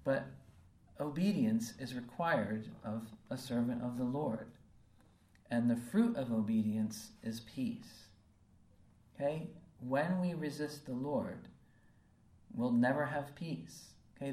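A male preacher delivering a sermon in an earnest, repetitive way, pausing often to check in with his listeners. His voice sits at a middle pitch. It is picked up from a distance, with a roomy echo around it. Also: mellow. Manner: earnest, repeats phrases, frequent "okay?" check-ins.

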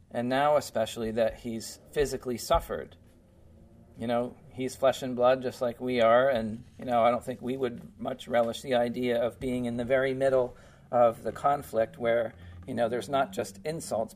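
A man's voice: medium pitch, a little mellow. A man preaching a Bible-teaching sermon in a casual, conversational way, filling his talk with "you know" and "um". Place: church.

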